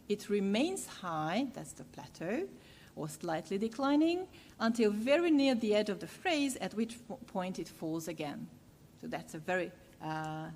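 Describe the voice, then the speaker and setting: A woman's voice: mid-range voice, a little hiss or hum. Woman lecturing in a reverberant hall. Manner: measured, with frequent "uh" pauses. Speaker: university lecturer. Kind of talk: academic lecture.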